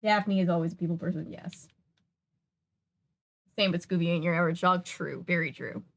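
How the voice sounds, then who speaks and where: A woman's voice: on the low side, fairly even intonation, normal speed, gravelly. A young woman streaming a casual children's book read-aloud, with chatty, joking asides. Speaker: streamer reading a kids' book.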